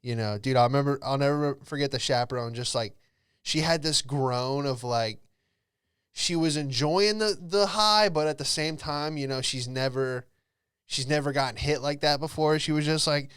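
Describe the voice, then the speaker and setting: Rambling comedian telling stories. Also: male voice, fairly high pitch, fairly bright tone, clean tone, no echo, studio quality. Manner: rambling, jokey, quick character impressions. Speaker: comedian podcast host. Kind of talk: comedic storytelling monologue.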